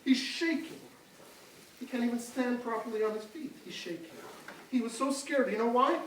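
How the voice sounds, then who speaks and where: High-voiced woman telling a story to kids. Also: moderate pace. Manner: lively, dramatic, asks the audience questions. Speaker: storyteller for children. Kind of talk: animated storytelling to children. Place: large hall with children. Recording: very echoey hall, far from the mic.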